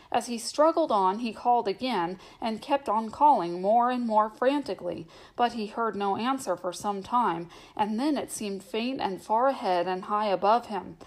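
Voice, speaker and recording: A woman reading a novel aloud as the narrator, in a steady, measured storytelling manner. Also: medium pitch. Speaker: audiobook narrator.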